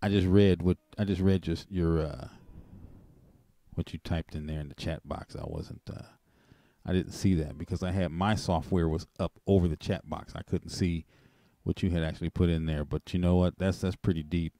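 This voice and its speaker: A man hosting a call-in show, telling a personal story in a rambling, animated way with chuckles. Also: sits low, normal speed, no echo. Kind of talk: casual testimony on a call-in show.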